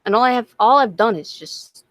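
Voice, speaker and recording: A woman's voice: on the high side, animated, fairly quick, fairly bright tone, no room sound. A woman in her thirties co-hosting a late-night livestream chat, teasing and swearing freely. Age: 30s. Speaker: co-host.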